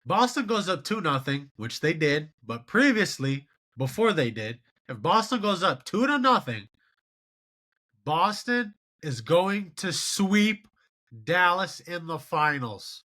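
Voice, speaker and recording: A man in his twenties hosting a solo sports show, giving animated, exasperated commentary on game results. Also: a little high, takes it slowly. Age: 20s. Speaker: podcast host.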